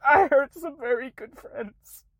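A young woman making a tearful apology video, close to tears, halting and restarting her sentences as she apologizes again and again. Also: high-pitched, no echo. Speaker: content creator.

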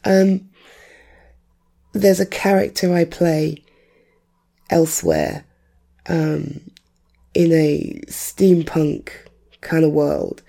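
A woman from North London with an English accent that has drifted from how she grew up, chatting in a rambling, self-deprecating way on a home recording setup; her voice sounds rough today. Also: sits low, flat delivery, extremely slow, long pauses, warm tone. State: rough, off-colour voice. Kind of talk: casual chatty monologue.

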